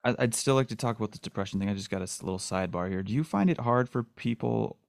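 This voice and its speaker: Deep gravelly male podcast host. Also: lively intonation, fast, a little mellow, no echo, clean studio sound. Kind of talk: casual podcast conversation.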